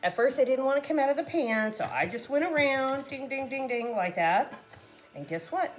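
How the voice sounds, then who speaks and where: Chatty woman with a lively voice. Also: high voice, moderate pace. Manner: chatty, talks to viewers as "guys", laughs often. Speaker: cooking vlogger. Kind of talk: casual cooking chat to camera.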